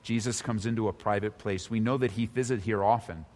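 A man's voice: fairly even intonation, brisk. Impassioned preacher man in a reverberant hall. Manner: impassioned preaching, swinging between loud high emphasis and low hushed stretches. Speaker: pastor. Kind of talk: sermon. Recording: long reverb of a large hall.

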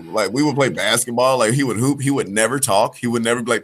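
A man's voice: medium pitch, fast talker, few pauses. Man telling stories, laughing often. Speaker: podcast guest. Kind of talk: casual storytelling.

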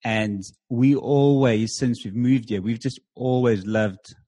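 A man, a church planter, telling anecdotes in a lively interview with fillers like "um" and "like". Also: medium pitch, slow pace, no echo. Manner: animated anecdotes with filler words. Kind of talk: conversational storytelling.

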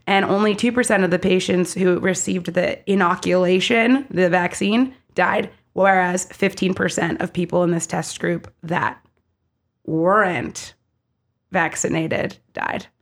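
A woman co-hosting a podcast in casual chat, chatty and animated, a little congested from being sick. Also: lowish voice, moderate pace. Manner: chatty, animated, lots of fillers. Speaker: podcast co-host.

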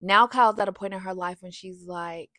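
A woman's voice: mid-range voice, brisk, slight background noise. A woman giving a sassy, chatty recap of a reality TV show, talking straight to her viewers. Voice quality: animated, sassy, breaks into sung lines. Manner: chatty, addresses viewers as y'all. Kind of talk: casual opinionated recap.

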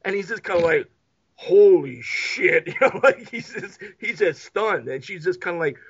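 Male podcast co-host, fairly high voice, lively retelling of film scenes with put-on voices, muffled lo-fi audio. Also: brisk, breathy edge. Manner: animated, acts out characters in quoted voices, swears freely. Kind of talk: casual movie discussion.

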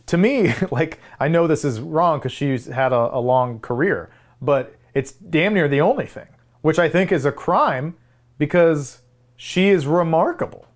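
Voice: mid-range voice, expressive, unhurried. A podcast co-host giving emphatic opinions in a casual film discussion. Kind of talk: casual movie-discussion chat.

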